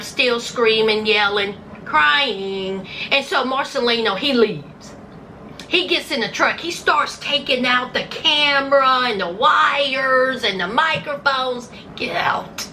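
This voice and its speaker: Sassy high-voiced woman recapping reality TV. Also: sharp tone, slight background noise, rough recording. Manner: sassy, sarcastic, acts out scenes in put-on voices. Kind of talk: casual recap commentary.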